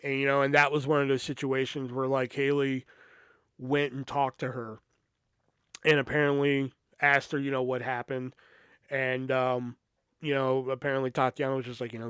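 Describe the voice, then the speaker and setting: A young man tells a story from his own life in a loose, profane podcast monologue. He keeps restarting his sentences and leans on fillers. His voice is smooth and resonant, and the recording is close and dry. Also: medium pitch, flat delivery, moderate pace, dry recording. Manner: turns quiet and reflective. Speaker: podcast host telling a personal story.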